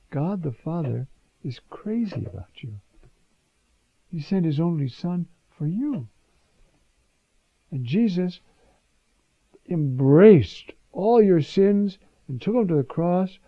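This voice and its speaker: A man's voice: on the high side, lively intonation, slow, pauses often, no room sound. A man preaching as a priest, giving a conversational homily on scripture and often asking the listeners questions. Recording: dull dry lo-fi recording.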